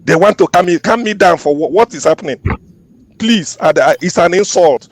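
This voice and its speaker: A man's voice: sits high, animated, moderate pace. A man speaking in a heated group discussion, indignant and insistent, repeating himself. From Nigeria. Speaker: discussion participant.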